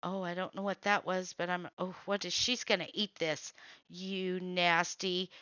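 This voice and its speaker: A woman's voice: fairly low pitch, steady tone, pushed and bright, no room sound, dull audio. A woman hosting, giving blunt, reactive running commentary as she scrolls through videos. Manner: blunt, reactive, quick to say nope. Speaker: host.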